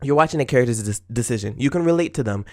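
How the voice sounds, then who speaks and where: A young man in his twenties hosts a casual solo podcast rant, his voice sitting at an ordinary middle pitch. He talks in an animated, exclamatory way, laughs often, and acts out his own comebacks as little quoted asides. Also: racing. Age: 20s. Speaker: podcast host.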